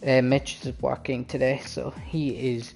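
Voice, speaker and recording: A man's voice: mid-range voice, level tone, measured pace, gravelly, a little mellow. A man hosting a sim racing league stream on his own, chatting casually with viewers and drivers before the race.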